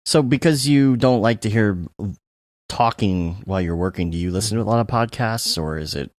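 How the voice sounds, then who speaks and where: A man hosting a casual podcast interview, asking quick, chatty questions. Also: lowish voice, no room sound, clean studio sound. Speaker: podcast host.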